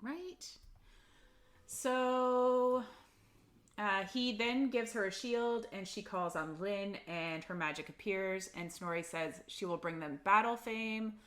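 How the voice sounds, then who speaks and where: A woman's voice: mid-range voice, a little slow, few pauses, fairly bright tone. A woman co-hosting a casual book-club podcast, retelling the plot loosely, with lots of "like" and the odd swear. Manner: chatty recap with lots of "like" and swearing. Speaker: podcast co-host.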